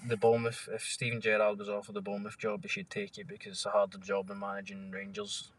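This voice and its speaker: A man's voice: fairly low pitch, fast talker, creaky, fairly bright tone. A young Scottish man co-hosting a podcast, chatting casually about football in a laid-back way with short, agreeable replies. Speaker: podcast co-host. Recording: distant from the mic.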